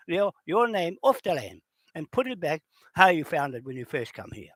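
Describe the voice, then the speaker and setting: A man's voice: fairly high pitch, big pitch swings, normal speed, dry recording. Heated ranting New Zealand man. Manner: heated, profane, addresses opponents directly. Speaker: video channel host. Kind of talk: angry ranting monologue.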